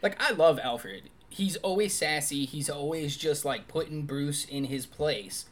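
A podcast co-host chatting about a movie with lots of energy and enthusiasm. The delivery is animated and full of quick asides, the easy back-and-forth of a casual review show. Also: medium pitch.

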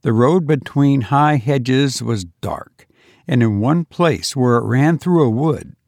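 Slow, measured male storyteller. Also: medium pitch, a little mellow, no echo, clean studio sound. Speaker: narrator. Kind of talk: scripted narration.

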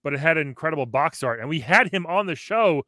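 A man's voice: on the high side, lively intonation, fast, sharp tone, no echo, clean studio sound. A man hosting a show, chatting casually and playfully, laughing often and joking crudely. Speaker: show host. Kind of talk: casual chat.

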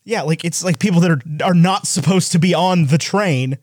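A man co-hosting a podcast in casual chat, playful and quick to laugh. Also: sits high, no echo, studio quality. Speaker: podcast co-host.

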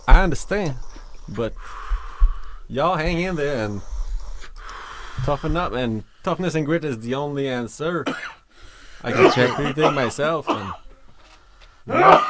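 A man's voice: a little high, a bit bright, slight background noise. A laid-back man chatting casually as a podcast guest, with slangy talk. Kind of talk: casual chat.

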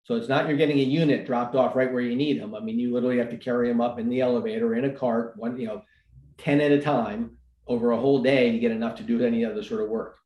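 A man who works as a building contractor, talking in a measured, halting way with a dry sarcastic streak. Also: mid-range voice, fairly even intonation, reverberant, dull audio. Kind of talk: casual panel conversation.

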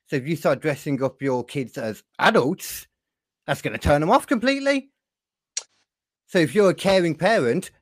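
A man's voice: medium pitch, no room sound. A man, a stand-up comedian, rambling and joking in casual podcast banter. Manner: rambling, joking, laughs often.

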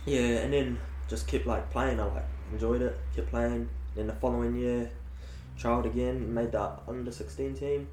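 This guest, a young New Zealander in his late teens, keeps things casual and laid-back, telling stories full of filler words. His mid-range voice is a little mellow, with fairly even intonation at a normal speed. Faint hiss and room echo sit in the background.

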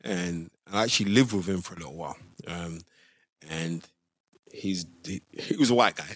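A man's voice: sits low, moderate pace, no room sound, studio quality. A middle-aged man, telling stories animatedly on a podcast. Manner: animated storyteller, acts out quoted voices, bursts into laughter. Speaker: podcast guest, boxing pundit. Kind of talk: casual storytelling chat. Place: podcast studio.

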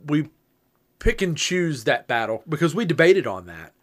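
Measured man explaining, slightly high voice. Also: very animated, a bit bright. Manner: measured, explains point by point, dry humor. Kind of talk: casual chat about parenting.

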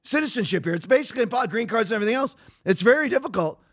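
A man with a strikingly high-pitched voice hosts a podcast in an opinionated monologue. He is combative and mocking. He often restarts his sentences mid-thought. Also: lively intonation, very fast, fairly bright tone. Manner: rambling with frequent restarts. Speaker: podcast host.

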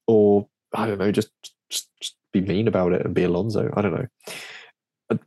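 A man co-hosting a casual podcast chat, joking through quick banter. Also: fairly low pitch, steady tone, warm tone, breathy edge, no room sound. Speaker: podcast co-host.

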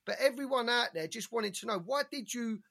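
A man co-hosting a boxing podcast, talking in an animated, rambling way and swearing often. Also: very high-pitched, brisk, creaky. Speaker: podcast co-host. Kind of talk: casual boxing chat.

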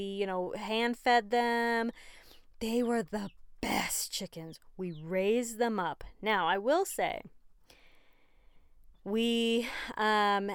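A woman's voice: medium pitch, clear, resonant tone, dry recording. A woman hosting a podcast in a casual, rambling, chatty way, with frequent fillers and laughs. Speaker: podcast host. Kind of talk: casual chat.

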